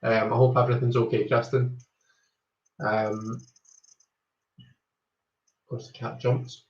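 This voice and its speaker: A man's voice: mid-range voice, flat delivery, takes it slowly. A Scottish man chats casually on a live stream, greeting viewers by name and wandering off track with plenty of ums. The sound is roomy and echoey, and slightly dull and lo-fi. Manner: chatty, greets viewers one by one, rambles with many ums. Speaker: tarot reader hosting a live stream.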